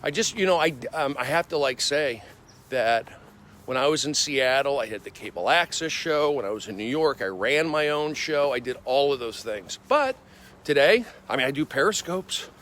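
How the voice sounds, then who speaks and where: A male comedian livestreaming on his phone while walking city streets, rambling excitably with repetitive bursts of loud emphasis. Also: medium pitch, normal speed, slight background noise. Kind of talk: rambling walk-and-talk livestream.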